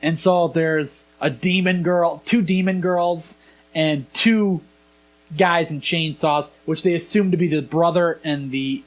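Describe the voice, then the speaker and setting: A man's voice: fairly high pitch, measured pace. A young man hosting a podcast, casually retelling scenes and acting out the lines. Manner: animated storyteller, acts out quoted lines. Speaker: podcast host. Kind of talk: casual chat.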